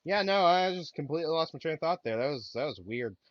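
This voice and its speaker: A man's voice: on the high side, lively intonation, quick pace, no room sound, dull audio. A man casually chatting while streaming a video game, rambling and losing his train of thought. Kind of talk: casual gameplay chat.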